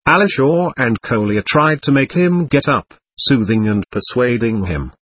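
Husky-voiced male audiobook narrator. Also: medium pitch, lively intonation, measured pace, a bit bright, no echo. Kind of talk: expressive scripted narration.

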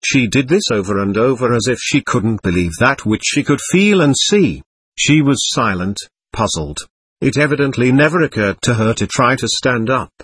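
A man reading a spiritual text and story aloud in a measured, earnest, solemn way. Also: medium pitch, lively intonation, fairly bright tone, slightly rough, no echo. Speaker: narrator.

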